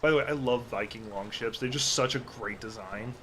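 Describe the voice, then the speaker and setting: A man's voice: medium pitch, brisk, pushed and bright, a little hiss or hum. A man livestreaming a game, giving casual, rambling commentary and swearing freely as he plays. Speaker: gaming livestreamer.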